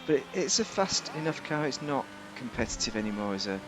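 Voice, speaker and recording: A man's voice: mid-range voice, big pitch swings, fairly quick, background noise. A man giving rambling, casual commentary on a game, thinking aloud with fillers and restarts. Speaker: game reviewer.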